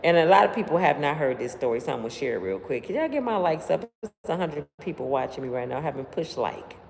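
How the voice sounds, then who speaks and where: A woman hosting a livestream, telling stories straight to her viewers in an animated, slangy way. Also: low-pitched, quick pace, creaky. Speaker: livestream host. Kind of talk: casual storytelling to live viewers. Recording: long room reverb, faint background noise.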